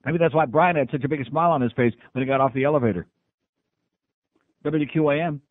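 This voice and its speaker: A man hosting a call-in radio talk show, gruff, sarcastic and dismissive toward callers. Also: on the high side, quick pace, no room sound. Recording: tinny phone-like radio broadcast.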